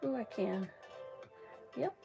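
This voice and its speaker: A middle-aged woman talks to her livestream viewers in an unhurried, rambling way, full of ums and false starts. She sounds a touch out of breath, and soft music plays faintly behind her in a small home. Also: fairly high pitch, very animated, gravelly. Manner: rambling, chatty, many ums and restarts. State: slightly out of breath. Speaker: livestream crafter. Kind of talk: casual livestream chat.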